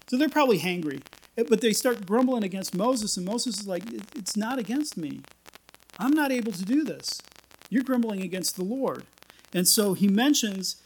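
Man preacher, fairly high voice, casual teaching sermon, chatty paraphrasing, faint background noise. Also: low-quality recording. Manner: casual, paraphrases scripture in everyday voices, frequent restarts. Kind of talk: conversational sermon.

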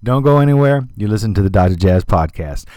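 A man's voice: on the low side, animated, quick pace, a little mellow, dry recording. A man hosting a music podcast, talking in a chatty, rambling way with lots of fillers and asides. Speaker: podcast host. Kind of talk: casual radio-style music commentary.

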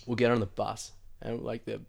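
Rambling low-voiced New man. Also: little pitch movement, moderate pace, creaky, a little mellow, husky. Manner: rambling, many likes and fillers, acts out quoted lines. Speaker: podcast host telling a story. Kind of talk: casual storytelling chat.

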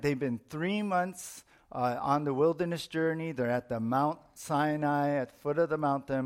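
A middle-aged man, a pastor, preaching a sermon in an explanatory teaching manner, repeating his points for emphasis. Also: a little high.

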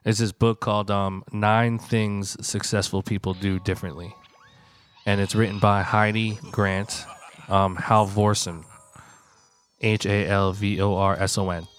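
Low-voiced man co-hosting a podcast. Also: little pitch movement, a little slow, soft background music. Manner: loose, rambling, reads aloud with fillers. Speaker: podcast co-host. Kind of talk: casual group chat.

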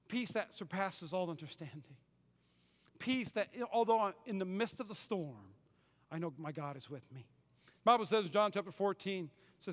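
High-voiced pastor preaching in a reverberant hall. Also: male voice, lively intonation, normal speed. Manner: emphatic, repeats key phrases, swings from loud to hushed. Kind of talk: sermon. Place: church sanctuary. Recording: hall reverb, church sanctuary.

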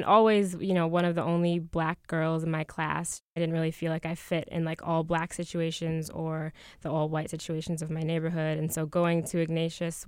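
Young woman with a smooth, even voice. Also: low voice, dry recording. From Chicago. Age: young adult. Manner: thoughtful, casual with fillers. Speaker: former youth poetry competitor. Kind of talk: reflective interview talk.

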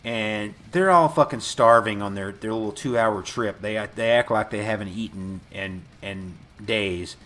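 A man's voice: fairly low pitch, a little slow, hardly any pauses, slight background noise. A man casually recapping a movie with a co-host, swearing and acting out the characters' lines. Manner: profane, animated retelling with quoted voices. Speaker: podcast co-host.

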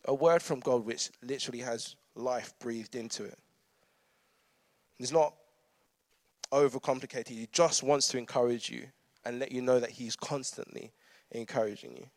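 A man's voice: medium pitch, no room sound. Guy in his 30s giving a chatty sermon, laughs a lot, dry close sound. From London. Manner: storytelling with frequent laughter and humorous asides. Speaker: preacher. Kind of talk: conversational sermon.

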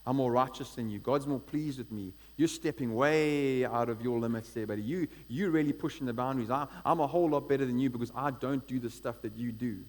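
Man putting on a self-righteous churchgoer, deeper voice, condescending, preachy. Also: fairly quick, few pauses, in a large hall, close to an everyday voice. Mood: smug.

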